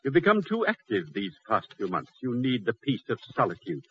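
A man's voice: medium pitch, wildly swooping pitch, a little fast, a little hiss or hum. An actor playing a stern, controlling older father who speaks condescendingly, in a 1940s radio drama. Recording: lo-fi old radio recording.

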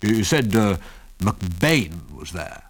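A man's voice: medium pitch, very animated, brisk. A man voicing a worried male airfield owner who mutters his words. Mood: anxious.

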